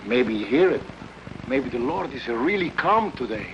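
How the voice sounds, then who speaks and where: An actor playing a hopeful, wondering neighbor in an old film, tentative in manner. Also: male voice, medium pitch, sing-song, moderate pace, a bit bright, slight background noise. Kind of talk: 1950s film acting. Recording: dull lo-fi old film sound with music.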